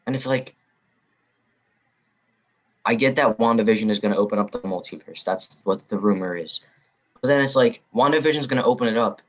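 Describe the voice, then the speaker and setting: Male podcast co-host, fairly low voice, heated casual rant, blunt. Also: steady tone, fairly quick, a bit bright, rough recording. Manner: heated, blunt, repeats himself while ranting. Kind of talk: casual ranting podcast chat.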